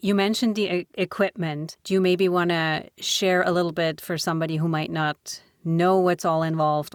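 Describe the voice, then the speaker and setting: A woman hosts a casual interview and asks long, searching questions of her guests. Her voice sits low. The recording is close and dry, without room echo.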